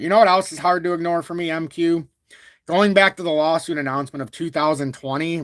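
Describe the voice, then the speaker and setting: A man hosting a crypto live stream, talking at length in a blunt, calm and even tone while reading out viewer super chats. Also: a little high, no echo, clean studio sound. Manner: talkative and blunt, reads super chats aloud; calm, even-toned delivery even when annoyed. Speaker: crypto livestream host. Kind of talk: live-stream market commentary.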